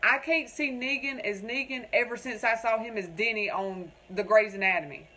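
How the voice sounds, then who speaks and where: A woman's voice: a little high, normal speed, sharp tone. A woman hosting a casual craft livestream, rambling and chatting with viewers in the comments.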